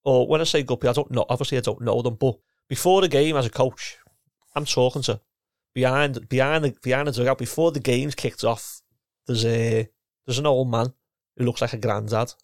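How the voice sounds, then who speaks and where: A middle-aged man reminisces about his playing days. His voice has a gravelly edge, and he keeps repeating words and restarting his sentences. The sound is dry and close, with no room around it. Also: mid-range voice, fairly even intonation, brisk, no room sound. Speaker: former footballer and coach, guest. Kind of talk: casual chat.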